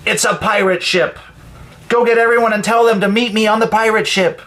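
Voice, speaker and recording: A man's voice: high voice, steady tone, fairly quick, fairly bright tone, a little hiss or hum, voice pushed up. A man reading the part of a bossy young boy who wants everyone to play pirates his way. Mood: excited. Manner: eager, then grumpy and sulky.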